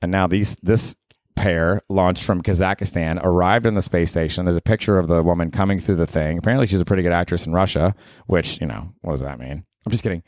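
Deep-voiced sarcastic podcast host. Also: male voice, a little fast, a little mellow, no room sound, studio quality. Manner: sarcastic, profane, rambling. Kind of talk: casual comedic solo podcast.

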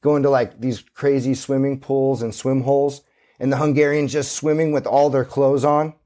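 A skateboarder from Santa Cruz, California, is a guest in a casual interview, and his warm, medium-pitched voice moves little in pitch at a normal speed. He tells stories in a loose, easygoing, rambling way packed with fillers.

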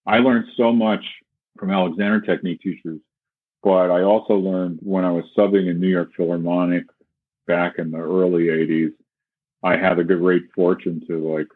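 A man's voice: low-pitched, flat delivery, moderate pace, dry recording. A man, a flute teacher, explaining breathing in a casual conversation and demonstrating with sung syllables and quoted voices. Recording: tinny phone-like call audio.

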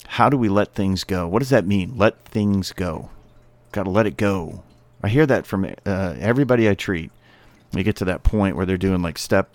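A man's voice: low voice, darkish tone, no room sound. A man in his sixties, a psychologist and addiction counselor, hosting his podcast in a loose, rambling monologue full of fillers.

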